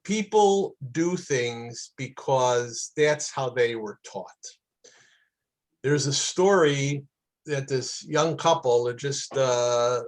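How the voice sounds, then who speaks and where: A man's voice: medium pitch, low-quality recording. A man teaching a class on kosher food, telling anecdotes in a chatty, casual way with many fillers. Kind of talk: casual storytelling lecture.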